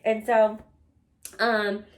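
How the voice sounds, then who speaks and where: A woman's voice: mid-range voice, extremely slow. Blunt, profane woman telling a story. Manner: candid, profane, animated. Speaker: storyteller recounting work life. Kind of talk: casual storytelling.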